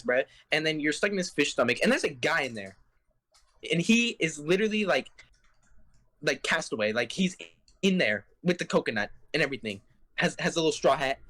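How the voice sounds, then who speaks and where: A man's voice: mid-range voice, sharp tone. A young man casually retelling a video game's plot in long run-on sentences, tossing in "right?" and "bruh" as a podcast co-host. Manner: rambling, run-on storytelling with frequent "right?" and "bruh". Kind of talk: casual chat recapping a game plot.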